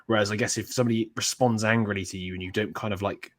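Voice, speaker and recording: A man's voice: on the low side, fairly even intonation, quick pace. A young man co-hosting a casual podcast chat, rambling with many fillers and acting out quoted lines. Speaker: podcast co-host.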